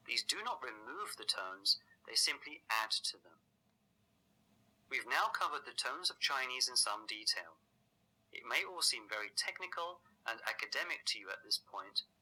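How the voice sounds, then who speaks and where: Walking through each point of a scripted language lesson, a man who teaches languages speaks in a measured, explanatory manner. His voice is husky yet very bright and ringing, with lively swooping pitch, captured on a rough recording.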